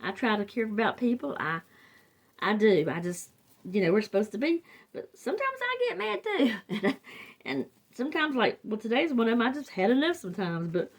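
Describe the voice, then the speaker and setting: Her voice is medium in pitch, expressive, and fairly quick. She's an older wreath crafter from the Carolinas with a Southern US accent, casually rambling through a tutorial, chatty, often trailing off and restarting.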